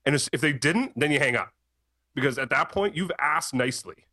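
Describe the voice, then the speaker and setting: Bright-voiced firm podcast man. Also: fairly high pitch, lively intonation, brisk, no room sound, studio quality. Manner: firm, matter-of-fact, plays out phone calls. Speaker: business owner, podcast co-host. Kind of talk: casual podcast chat.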